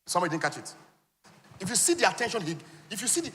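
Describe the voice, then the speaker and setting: Animated man speaking in a big hall. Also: rapid-fire, soft background music. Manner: animated, acts out high voices for women. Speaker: conference speaker. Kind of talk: lively motivational talk. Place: large conference hall. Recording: reverberant hall.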